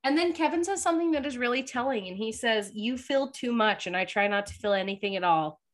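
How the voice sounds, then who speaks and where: A woman co-hosts a podcast, casually recapping a TV episode into a podcast microphone. Her voice is a little high and fairly quick, and she's animated and giggly, acting out quotes amid lots of laughter.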